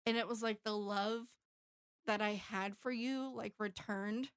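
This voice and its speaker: A woman's voice: medium pitch, steady tone, unhurried, smooth, no room sound, studio quality. A woman in her thirties telling a personal story candidly in casual chat, with plenty of fillers. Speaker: podcast co-host.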